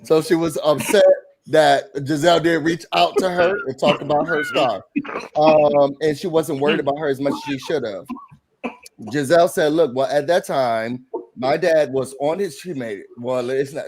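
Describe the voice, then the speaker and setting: A man hosting a live recap panel, retelling a reality show episode in casual, animated chat and acting out quotes from the cast. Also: on the high side, moderate pace, crowd noise, low-quality recording. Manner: animated, quotes cast members in put-on voices.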